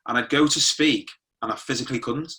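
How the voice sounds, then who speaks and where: A man's voice: medium pitch, fairly quick, bright, forceful tone. A middle-aged man, a former police sergeant, recounting a personal experience in conversational style, with restarts and quoted dialogue. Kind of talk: personal storytelling.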